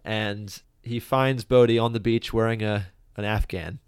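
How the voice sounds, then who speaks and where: A man's voice: lowish voice, a little slow, clean tone, no room sound, clean studio sound. A man co-hosting a casual movie review podcast, chatting, laughing often and acting out characters' lines. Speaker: podcast co-host.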